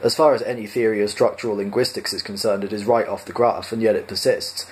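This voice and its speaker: A man reading a comic science-fiction novel aloud, narrating in a dry, even manner. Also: fairly low pitch, quick pace, a little hiss or hum. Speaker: storyteller.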